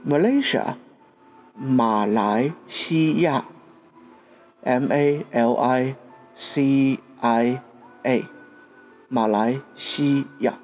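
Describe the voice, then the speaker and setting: A man's voice: medium pitch, drawn-out words, long pauses, darkish tone, faint music behind. A man from Taiwan, a podcast host giving a patient language lesson and spelling out words letter by letter.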